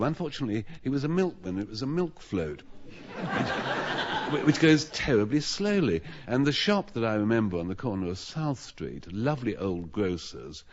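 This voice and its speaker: A man spinning a long comic anecdote on a radio panel show, rambling and self-mocking with stammered restarts. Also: fairly low pitch. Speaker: panelist telling a comic story. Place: radio studio with audience. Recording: dull old radio broadcast recording.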